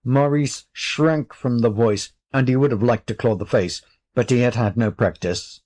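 A man reading a children's story aloud as narrator, measured and deliberate. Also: lowish voice, a little mellow.

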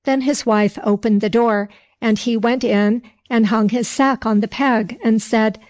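A woman narrating a folk tale in a slow storybook reading with old-fashioned phrasing. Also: a little high, fairly even intonation, darkish tone.

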